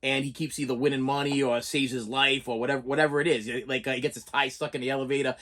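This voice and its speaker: A man's voice: medium pitch, level tone, quick pace, fairly bright tone. A middle-aged man who collects movies, telling a long story in a casual, rambling way and often stammering and repeating words.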